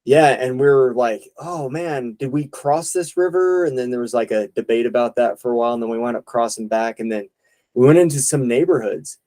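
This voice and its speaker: A man's voice: mid-range voice, quick pace, warm tone. A young man chatting casually with his mother, rambling through memories and laughing easily. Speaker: son. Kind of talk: casual family chat.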